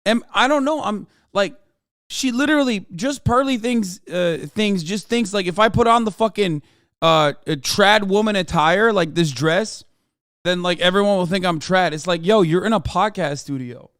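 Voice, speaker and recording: A man streaming reaction commentary, sarcastic and profane, now and then bursting into shouts. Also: sits high, moderate pace, clear, resonant tone, no room sound, clean studio sound.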